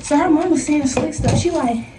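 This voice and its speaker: A young woman in a casual storytime vlog, animated and slangy, acting out the scenes as she talks. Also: sits high, normal speed, noisy background. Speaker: vlogger. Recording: echoey room, voice from a distance.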